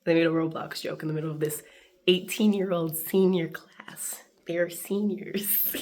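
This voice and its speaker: A woman in her twenties vlogging, telling stories to the camera in a lively, chatty way and acting out the dialogue. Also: lowish voice, measured pace. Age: 20s. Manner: animated, acts out dialogue, laughs often. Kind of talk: casual storytelling to camera.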